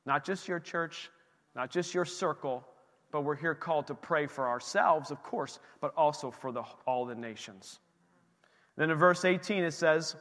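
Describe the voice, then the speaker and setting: High, bright-voiced male pastor preaching. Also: moderate pace. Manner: animated, exclaiming, rhetorical questions. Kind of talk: sermon. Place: church. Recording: reverberant church hall.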